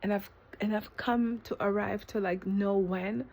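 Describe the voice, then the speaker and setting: A woman vlogging a reflective self-talk monologue, rambling with lots of fillers and breaking into sudden high exclamations. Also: steady tone, unhurried, darkish tone. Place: eating ice cream while filming herself.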